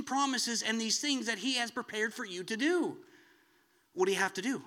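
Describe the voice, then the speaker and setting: A man preaching a sermon in an animated way, building up to excited emphasis. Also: very high-pitched, moderate pace.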